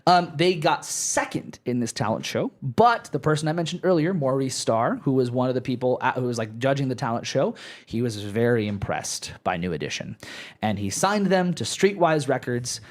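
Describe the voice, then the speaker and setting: Young dude podcast host, loose and rambly, lots of ums and f-bombs. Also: male voice, mid-range voice, animated, moderate pace. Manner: rambling, profane, lots of restarts and fillers. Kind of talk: casual live podcast chat.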